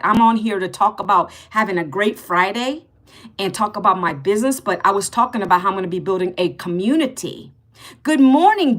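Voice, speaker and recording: A talkative woman in her fifties runs a casual live stream in a middle-pitched voice. She greets viewers by name and reads and answers their comments as she goes. She gets blunt and sarcastic with rude ones. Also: fairly bright tone. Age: 50s.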